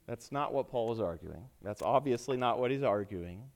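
A man preaching a sermon as a priest in church, animated and conversational, acting out quoted lines with rising force. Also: mid-range voice, normal speed, hardly any pauses.

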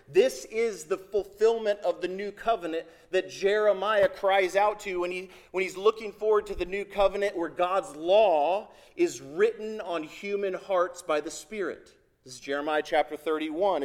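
This sermon comes from a male pastor whose voice sits above the usual male range. Speaking with earnest emphasis, he keeps returning to the same phrases to press every point.

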